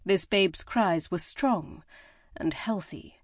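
A woman reading a historical novel as audiobook narrator in a measured, even way. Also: fairly low pitch, no room sound. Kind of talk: scripted narration.

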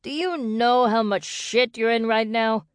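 A woman voicing an irritable, gruff male bear shifter who snarls his lines in exasperation. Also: sits high, moderate pace, no room sound, studio quality. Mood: snarling.

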